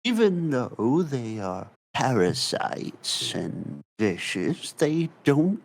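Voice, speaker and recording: A man's voice: medium pitch, big pitch swings, very slow, creaky. A man narrating a tabletop game as game master over voice chat. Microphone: online voice chat.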